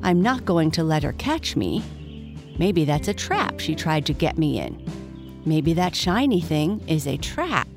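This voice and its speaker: A woman voicing a curious young beaver boy in a storybook, earnest and plucky in a low voice. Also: sing-song, unhurried, over music, heavily acted. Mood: wary.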